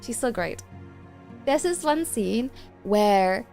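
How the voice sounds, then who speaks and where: A woman's voice: fairly high pitch, lively intonation, takes it slowly, gravelly, darkish tone, soft background music. A young woman streaming games, chatting casually and gushing to her chat with giggles.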